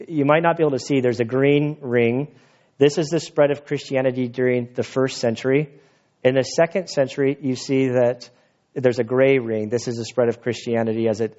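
A man's voice: medium pitch, a little mellow, highs cut off. A male pastor preaching a sermon outdoors, telling stories in a conversational, sometimes emotional way. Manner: conversational storytelling, emotional at times. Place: outdoor church gathering.

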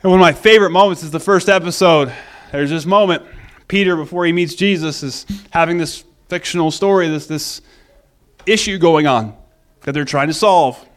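A man preaching a conversational sermon in an animated way, acting out the quoted lines. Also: on the high side, normal speed.

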